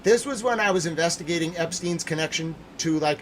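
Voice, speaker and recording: Livestream host, male, fairly high voice, worn hoarse, loud repetitive rants. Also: fairly quick, slight background noise. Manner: agitated, loud and repetitive, swings between yelling and muttering. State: hoarse from yelling. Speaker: livestream news commentary host. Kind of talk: ranting livestream commentary.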